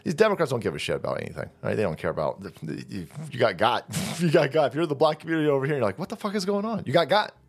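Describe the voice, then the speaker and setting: A man's voice: mid-range voice, sing-song, very fast, few pauses. A man hosting a profane political commentary channel, sarcastic and mocking as he talks over a clip. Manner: sarcastic, mocking, foul-mouthed, laughing.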